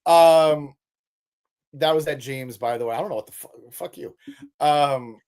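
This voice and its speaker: A man with a slightly raised pitch co-hosts a casual live stream. He reads viewer comments aloud and answers them off the cuff, with joking swears. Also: a little slow, a little mellow, smooth. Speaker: podcast co-host reading live chat.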